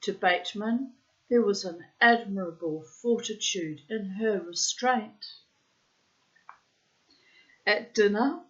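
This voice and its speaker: Slow, tired woman reading a story. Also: mid-range voice, dull audio. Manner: unhurried, careful reading with asides. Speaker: audiobook reader. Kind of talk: reading a short story aloud.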